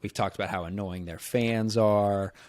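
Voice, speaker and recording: A man's voice: on the low side, fairly even intonation, normal speed, a little mellow, no room sound. A man hosting a casual sports podcast, easygoing and agreeable, laughing along with his guest. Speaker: podcast host.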